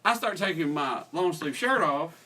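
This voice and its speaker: Man in his twenties, guest storyteller; folksy, self-deprecating delivery in a higher register, recorded from a distance. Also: lively intonation, moderate pace, pushed and bright. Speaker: teacher guest. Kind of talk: casual storytelling.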